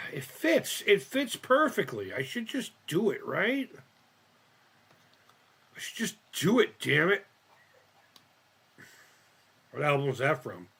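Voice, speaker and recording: A man's voice: on the high side, huge pitch swings, takes it slowly, vocal fry, long pauses, bright, forceful tone, husky. A man live-streaming as he builds a model kit, rambling and thinking aloud, swearing often and laughing at himself. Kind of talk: casual live-stream chat while crafting.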